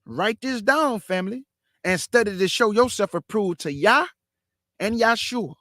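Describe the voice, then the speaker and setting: Male Bible teacher and host, high-pitched and emphatic, dry close sound, casual delivery that keeps repeating its main points. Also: animated, measured pace, pushed and bright, no echo. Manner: emphatic, repeats key phrases, calls listeners "family"; walks through a shared screen map while talking.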